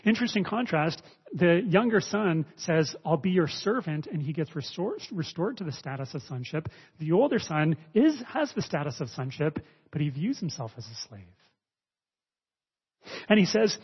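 A male preacher teaching a sermon, expressive, swinging between raised emphasis and quiet asides. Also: sits high, normal speed, slightly rough. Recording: dull lo-fi audio with long reverb.

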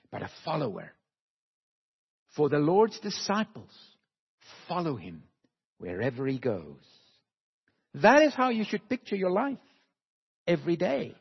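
A man preaching a sermon slowly and emphatically, with dramatic pauses, recorded in a church hall. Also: on the high side, husky. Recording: dull, lo-fi recording with long hall reverb.

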